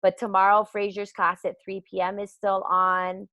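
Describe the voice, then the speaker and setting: A woman hosting a team business call, chatty and self-mocking and quick to laugh, talking into a computer mic on a live call. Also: mid-range voice, monotone, bright, forceful tone, no echo. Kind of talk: casual chat. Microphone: speaking into a computer mic on a live call.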